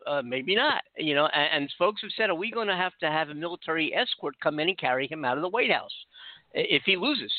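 A man's voice: fairly high pitch, animated, quick pace, dry recording. A man from the United States hosting a casual radio talk show, earnest and rambling with many restarts. The sound is tinny and dry, like a phone line.

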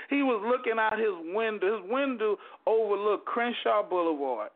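A man telling a personal story as a guest, animated and stumbling over repeated words. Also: sits high, moderate pace. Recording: tinny phone-like line.

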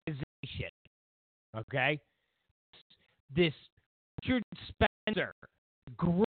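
A man's voice: a little high, no room sound, phone-quality sound. A man hosting a political commentary show, ranting sarcastically and incredulously, stammering through restarts.

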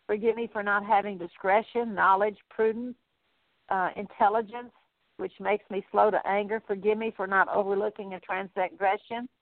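A woman leads a prayer of repentance, repeating each plea in an earnest, steady litany. Her voice sits in a middle pitch. The sound is dry and narrow, like a phone line. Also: normal speed, no room sound. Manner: earnest, repetitive litany-like pleading. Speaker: minister leading prayer.

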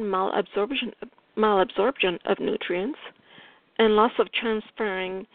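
A woman's voice: mid-range voice, vocal fry, no room sound. A woman with an Italian accent, reading technical health notes aloud in an informal explanatory talk with fillers and restarts. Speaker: caregiver and health blogger. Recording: dry tinny phone-like audio.

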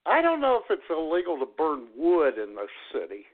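A man's voice: fairly high pitch, wildly swooping pitch, fairly quick. A man hosting a radio show, telling a rambling, crude, joking story in casual chat. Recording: tinny phone-like audio.

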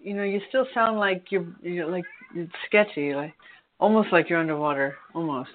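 A woman's voice: lowish voice, moderate pace, a little hiss or hum. Woman, caller, blunt teasing chat, tinny phone line. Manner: blunt, teasing, swears freely. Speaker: co-host on the phone. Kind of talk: casual chat.

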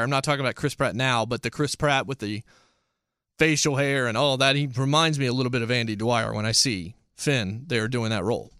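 A man casually reviewing a TV series, talking in an emphatic, animated way. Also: mid-range voice, no room sound, studio quality.

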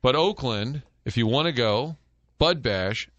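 A middle-aged man hosting sports talk radio from a studio, telling animated stories with quick jokes. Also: medium pitch, no echo, highs cut off. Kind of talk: casual sports talk banter. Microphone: studio microphone.

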